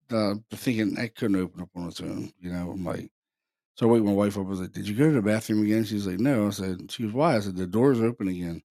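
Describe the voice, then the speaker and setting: A man, a podcast host, tells a paranormal experience in a halting, conversational way, repeating words as he goes. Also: on the low side, darkish tone, dry recording, clean studio sound. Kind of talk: casual storytelling.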